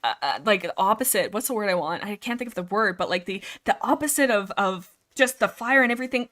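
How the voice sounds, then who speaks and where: A young woman hosting a casual livestream, rambling excitedly about books and filling her talk with "like". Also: a little high, brisk, hardly any pauses. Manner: rambling, excitable, lots of filler likes. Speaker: livestream host. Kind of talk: casual livestream book discussion.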